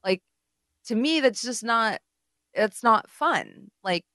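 A woman's voice: a little high, slow pace, no echo, clean studio sound. A woman co-hosting a podcast in casual chat, telling stories and acting out what others said. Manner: animated storyteller who acts out quotes. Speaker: podcast co-host.

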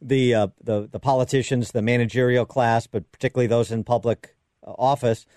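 A man hosting a political talk radio show, interviewing guests in a measured way with drawn-out fillers. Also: medium pitch, fairly even intonation, a little mellow, dry recording, clean studio sound.

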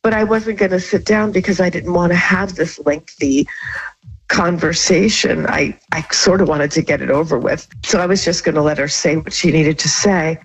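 A woman calling in to a radio show, speaking haltingly and with feeling, often restarting her sentences. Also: lowish voice, steady tone, breathy edge, rough recording. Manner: halting, emotional, with many restarts. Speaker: caller. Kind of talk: phone-in call on a radio show.

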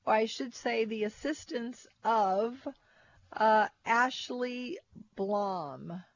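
A woman's voice: a little high, extremely slow. A woman co-hosting a radio food show, chatting and reading out the call-in number. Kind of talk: radio talk show chat. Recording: dull radio audio with faint noise.

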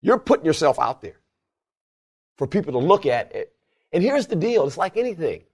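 A man's voice: very animated, normal speed, husky. An older man, a former football coach, telling stories in an interview with lots of emphasis and laughter, acting out quotes in a raised voice. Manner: emphatic, laughs often, acts out quotes in a high voice. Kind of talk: animated storytelling interview.

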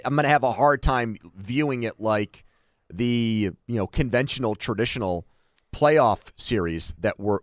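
A man trading opinions on a sports talk show, often restarting his sentences as he argues. His voice sits in an ordinary middle pitch. It is recorded dry and close, with no room sound. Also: no room sound. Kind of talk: casual sports debate.

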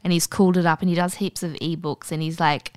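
Animated woman telling a story. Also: on the low side, quick pace, dry recording. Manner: animated, acts out voices in stories. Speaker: podcast co-host. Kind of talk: casual chat, storytelling.

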